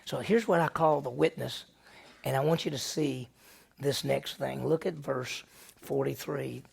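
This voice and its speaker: Gravelly, animated male pastor teaching. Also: medium pitch, a little slow. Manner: animated retelling with rhetorical questions. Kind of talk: Bible study lesson.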